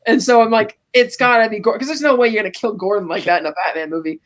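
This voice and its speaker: This is a podcast co-host telling a film scene beat by beat over a video call. The delivery is chatty and animated. Bits of dialogue get quoted along the way. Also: mid-range voice, racing. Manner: animated storytelling, quoting scenes in passing. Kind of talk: casual movie recap chat.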